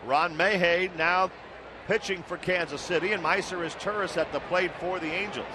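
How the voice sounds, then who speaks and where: A man's voice: sits high, moderate pace, background noise. A man doing baseball play-by-play commentary, his voice lifting on big plays. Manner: excited rises on big plays. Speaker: play-by-play announcer.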